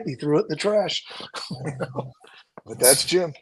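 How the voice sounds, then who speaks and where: A man's voice: fairly high pitch, slow pace, a little hiss or hum, low-quality recording. A man, a stunt coordinator, telling behind-the-scenes stories in casual chat, swearing freely. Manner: animated storyteller, acts out quotes, swears freely.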